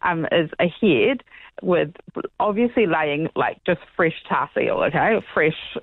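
A woman's voice: deep voice, animated, slow, slightly rough, dry recording. A woman, calling in to a radio show and telling a story in a dramatic, breathless way. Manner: breathless, dramatic, acts out the voices in her story. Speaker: caller. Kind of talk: animated phone-in storytelling. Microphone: phone call. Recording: tinny phone line.

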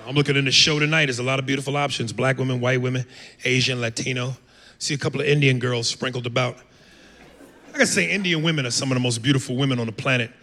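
A man's voice: mid-range voice, fairly even intonation, fast, bright, forceful tone. An American man doing stand-up on a club stage, telling brash, profane stories with lots of animation. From United States. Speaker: stand-up comedian. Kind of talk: stand-up routine. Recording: live club mic with long reverb and noise. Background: audience laughter.

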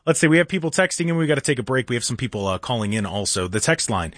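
A man's voice: mid-range voice, animated, racing, fairly bright tone, no echo, studio quality. A man in his thirties hosting a talk radio show, rambling through an opinionated monologue with sarcastic, mock-earnest asides. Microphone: studio microphone.

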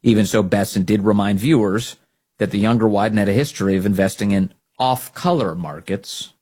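A man's voice: on the low side, brisk, a little mellow, breathy edge. A man hosting a political commentary show, talking in a mocking, sarcastic monologue.

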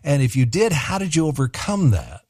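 A man hosting an interview, asking questions in a halting way as he searches for his words. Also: fairly high pitch, sing-song, darkish tone, husky, no room sound, clean studio sound. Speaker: host.

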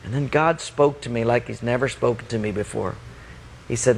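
A middle-aged man preaching a sermon as a lively story, acting out the voices and often laughing as he talks. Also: mid-range voice, normal speed, gravelly, a little hiss or hum.

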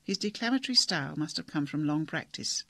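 A man giving measured, wry scripted narration of a novel. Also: on the high side, lively intonation, vocal fry, pushed and bright, dry recording. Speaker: audiobook narrator.

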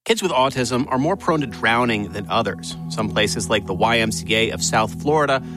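A man reading a scripted radio promo in a crisp announcer style. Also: medium pitch, expressive, normal speed. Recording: radio promo over a music bed.

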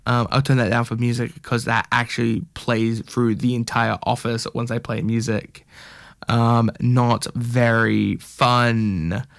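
A man's voice: medium pitch, flat delivery, measured pace, creaky. A young man hosting a stream, chatting casually in a joking, rambling, self-mocking way. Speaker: stream host.

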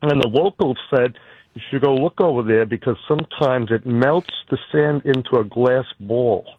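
A man's voice: mid-range voice, normal speed. A man calling in to a radio show, telling a rambling story and laughing at it. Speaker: caller. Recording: dull phone line with faint noise.

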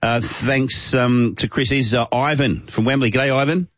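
A man's voice: medium pitch, fairly even intonation, moderate pace, fairly bright tone, no room sound, highs cut off. A man hosting a radio show in casual chat, easygoing with short replies. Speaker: radio host.

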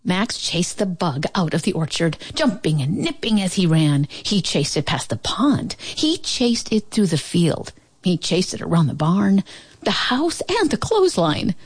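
A woman reading a picture book aloud in an expressive storytime voice, lingering over lists. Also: on the low side, unhurried, slightly rough, dry recording.

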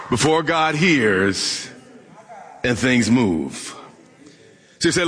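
Joking preacher in a reverberant hall. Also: male voice, mid-range voice, lively intonation, slow, long pauses, fairly bright tone, breathy edge. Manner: humorous, talks directly to the congregation. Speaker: pastor. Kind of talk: sermon. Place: church hall with live audience.

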